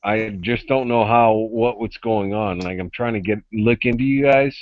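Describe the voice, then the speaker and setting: A man's voice: fairly low pitch, steady tone, normal speed, dry recording. A man joining a group video call who rambles and searches for his words. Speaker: caller joining the panel. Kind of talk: casual chat on a group call. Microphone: online video call. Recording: dull, dry lo-fi call audio.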